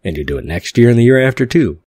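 A man's voice: low voice, fast, breathy edge, no room sound, clean studio sound. A man reading a bossy tv station chief. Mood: brusque.

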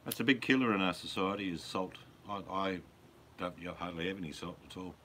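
A man's voice: low voice, fairly quick, sharp tone, slight background noise. A middle-aged man, chatting casually and bluntly as a stream host, full of crude jokes. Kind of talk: casual live-stream chat.

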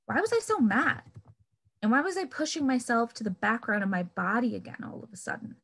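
A woman reads her own fiction aloud in a measured, wry way, pressing certain words hard. Her voice sits in a middle register with a steady gravelly fry. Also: mid-range voice. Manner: measured, wry, pointed emphasis on key words. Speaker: author reading her novel.

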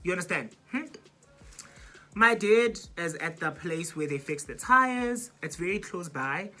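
A woman's voice: lowish voice, lively intonation, measured pace, bright, forceful tone, faint music behind. A young South African woman in her twenties with a South African accent, dramatically retelling a storytime vlog and mixing in isiZulu words. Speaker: YouTuber.

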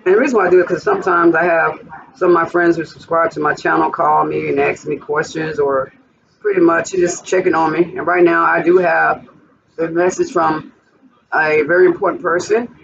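A woman's voice: deep voice, fairly even intonation, normal speed, creaky, slight background noise. Woman, cooking vlog host, chatty with viewers, home kitchen, muffled distant recording. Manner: chatty, talks straight to viewers while cooking.

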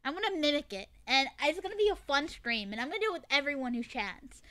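A woman with a very high, bright voice talks to her live chat in a loose, casual way. She is loud and excitable, and her sentences keep dissolving into giggles. Her pitch leaps around constantly. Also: fast talker, no room sound. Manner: giggly, bursts into frequent laughter. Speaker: streamer.

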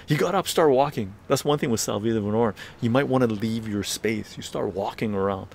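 A man's voice: on the low side, fairly quick, vocal fry, hardly any pauses. A man hosting a livestream, telling a story casually with lots of swearing and laughter. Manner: profane, laughing, animated storytelling. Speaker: livestream host.

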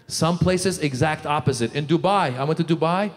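Animated male stand-up comic on a big stage. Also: a little high, fairly quick, big-room sound. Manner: animated, jokey, audience banter, acts out scenes. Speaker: stand-up comedian. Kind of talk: stand-up comedy routine. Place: theater stage with live audience.

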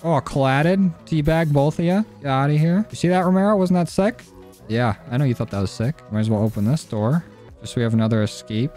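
A young man giving casual, jokey gameplay commentary, cursing and getting excited as he plays. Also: a little high, a little fast, soft background music. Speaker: gaming YouTuber. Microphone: desk mic.

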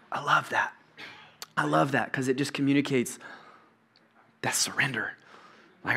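A man preaching a sermon as pastor, telling the story with jokes and animated asides to the congregation. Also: mid-range voice, moderate pace, pauses often. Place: church stage.

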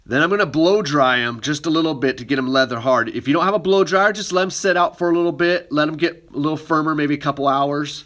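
Man, ceramics teacher, bright tone, easygoing hands-on demo talk. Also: fairly high pitch, quick pace, hardly any pauses. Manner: relaxed, talks while working with hands. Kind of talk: casual demonstration lesson.

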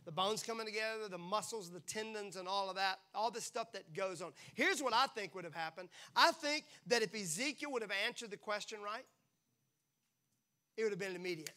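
High, bright, animated preacher man. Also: fairly quick. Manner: animated, playful, acts out little voices. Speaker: pastor. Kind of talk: sermon. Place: church.

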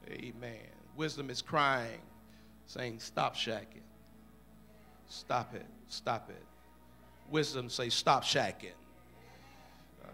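A male pastor preaching a sermon in a church, repeating phrases in a chanting rhythm and rising from quiet murmurs to shouts. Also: mid-range voice, animated, slow pace, creaky, soft background music. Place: church room.

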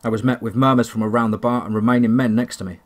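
A man narrating a first-person horror story, telling it in a steady, deliberate way. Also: mid-range voice.

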